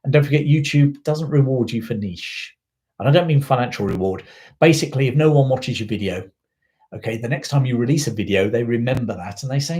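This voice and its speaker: A man's voice: mid-range voice, quick pace, darkish tone. Rambling chatty male history host. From South Africa. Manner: rambling, digressive, chatty storyteller with fillers. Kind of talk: casual live-stream chat.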